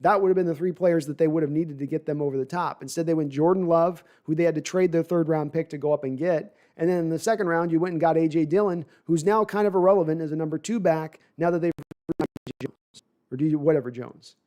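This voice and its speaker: A man's voice: fairly high pitch, fast talker, dark tone. A man hosting a live sports podcast, talking at length and reading chat comments, often repeating words as he restarts sentences.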